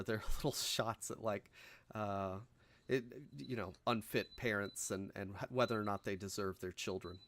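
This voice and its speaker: A man with a lowish voice talks casually on a podcast, wandering through his points with fillers and self-corrections. His voice is recorded close and dry, with no room sound. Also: a bit bright, no echo. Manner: rambling with frequent fillers and restarts, laughs through his points. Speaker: podcast co-host. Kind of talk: casual film discussion.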